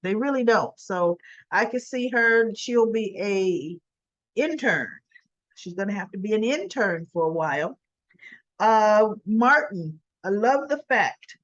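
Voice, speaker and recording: A woman's voice: mid-range voice, expressive, measured pace, dull audio. A woman giving a chatty, casual daily recap of a soap opera episode. She laughs often and acts out the characters' lines.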